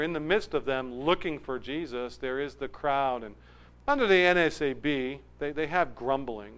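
Animated male preacher with a smooth voice. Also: rough recording. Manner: animated, swings from loud emphasis to low asides; acts out crowd voices. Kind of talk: verse-by-verse sermon.

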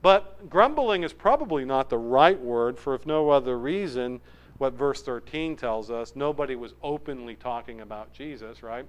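A man preaching a verse-by-verse sermon, animated, swinging from loud emphasis to low asides. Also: moderate pace, low-quality recording. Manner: acts out crowd voices.

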